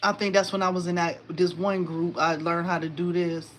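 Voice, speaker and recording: A woman in her forties hosting a casual crafting livestream, chatty and animated, talking to viewers and reading their comments. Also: on the low side, moderate pace. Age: 40s. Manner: chatty and animated, addresses viewers as y'all, laughs often.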